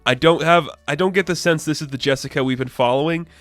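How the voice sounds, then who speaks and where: A man's voice: on the high side, quick pace, fairly bright tone, no room sound, faint music behind. A man giving a casual, enthusiastic spoken review of a comic book, full of "like" fillers. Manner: chatty, enthusiastic, frequent "like" fillers.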